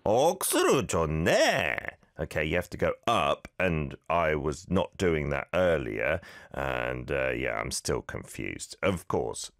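A man's voice: extremely low pitch, a little slow, creaky, few pauses, fairly bright tone, no room sound, studio quality. A man hosting a radio show, teaching listeners Korean phrases in a chatty, friendly way and laughing along with their clips.

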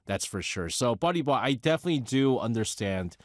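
A man in his forties with a New York accent, chatting casually as a radio host, animated and talkative, often laughing and correcting himself. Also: mid-range voice, a little fast, no room sound, studio quality. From United States. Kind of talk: casual radio talk, answering a listener letter.

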